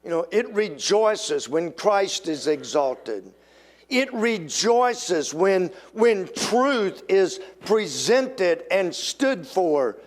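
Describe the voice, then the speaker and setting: An older man's sermon unfolds slowly and with emphasis. He animatedly dramatizes quoted speech, his voice suddenly jumping in pitch.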